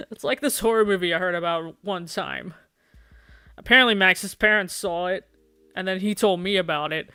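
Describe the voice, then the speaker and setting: A streamer reading a dating game aloud during a live playthrough, animated and jokey, laughing often. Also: mid-range voice, moderate pace, pauses often, smooth, no echo, studio quality.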